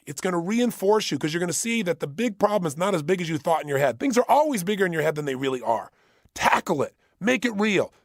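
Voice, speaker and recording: A man speaks in a high-pitched, rough-edged voice, delivering a motivational workshop talk. He is punchy and insistent, driving points home through repetition. The sound is close and dry, with no room echo. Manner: emphatic, punchy, repeats key phrases.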